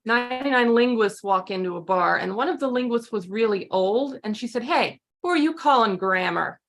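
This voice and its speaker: A woman's voice: a little high, animated, normal speed, a bit bright. A woman improv player telling short pun jokes, a little hesitant at times. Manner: plain, slightly hesitant delivery of pun jokes. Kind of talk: casual joke telling.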